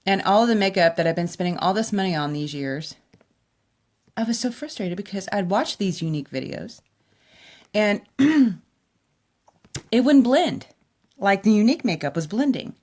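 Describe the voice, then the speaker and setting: A woman's voice: medium pitch, lively intonation, normal speed, pauses often, darkish tone. A woman giving a chatty, enthusiastic makeup tutorial at home, talking straight to her viewers. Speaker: makeup vlogger. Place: at home by a window.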